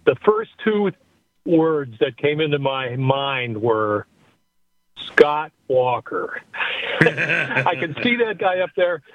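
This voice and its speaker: A man's voice: a little high, big pitch swings, slow pace, pauses often, slight background noise. A man calling a radio show from his car, rambling and thinking aloud. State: driving while calling. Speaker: caller. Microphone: phone from a car. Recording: tinny phone line.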